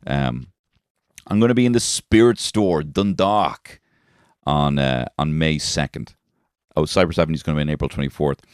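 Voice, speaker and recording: A man's voice: rumbling low, moderate pace, clear, resonant tone, no room sound, clean studio sound. A man in his thirties with a Dublin accent, a comedian hosting his own podcast and rambling along in a casual, self-deprecating way with plenty of swearing. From Dublin, Ireland. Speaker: comedian host. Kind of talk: casual solo podcast chat.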